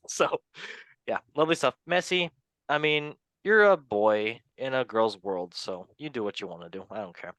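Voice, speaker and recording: A man's voice: mid-range voice, lively intonation, normal speed, a bit bright, no room sound. A man hosting a football news show in a casual, rambling, joking way with self-mocking asides. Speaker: show host.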